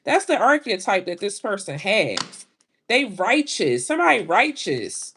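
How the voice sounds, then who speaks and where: A middle-aged woman, reading tarot in casual, animated talk full of exclamations. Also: a little high. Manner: animated, exclaiming, drawn-out reactions. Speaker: tarot reader.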